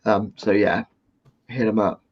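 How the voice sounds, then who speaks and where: A man from the United Kingdom chatting on a livestream video call, energetic and quick to banter. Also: on the low side. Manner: energetic, plugging, laughing banter. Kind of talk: casual livestream chat. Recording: dull lo-fi call audio.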